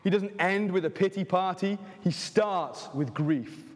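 A man's voice: high-pitched, unhurried. A man, preaching a sermon in a frank, conversational way with jokes and asides. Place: church hall. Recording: reverberant church hall.

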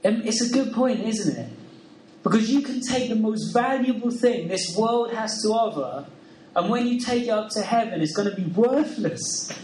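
Preacher in an echoey hall. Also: male voice, high voice, animated, moderate pace, a little mellow, slight background noise. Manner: earnest, conversational, with rhetorical questions. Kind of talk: sermon. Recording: roomy sound from a distant mic.

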